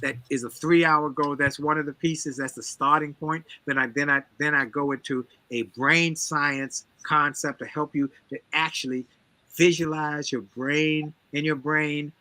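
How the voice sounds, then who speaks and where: A man speaking as a motivational guest, his voice piercingly bright and forceful. He builds his points through emphatic, sermon-like repetition. The sound is dry and close, with almost no room around it. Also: on the high side, steady tone, a little slow, dry recording. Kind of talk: energetic motivational storytelling.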